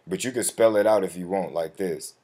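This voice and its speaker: Very deep-voiced man, slangy tutorial. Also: a little fast, dark tone, slight background noise. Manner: slangy, addresses viewer as bro; profane when flustered. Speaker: tutorial host. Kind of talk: casual screen-recorded walkthrough. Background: keyboard typing and mouse clicks.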